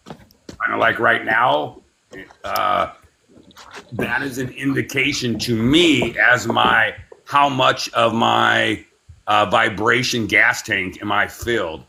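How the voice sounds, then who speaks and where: A man leading a spiritual class, talking in a meandering, unhurried way with many fillers and giving slow, soothing breathing cues. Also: mid-range voice, fairly even intonation, gravelly, sharp tone, slight background noise. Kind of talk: guided breathing meditation class.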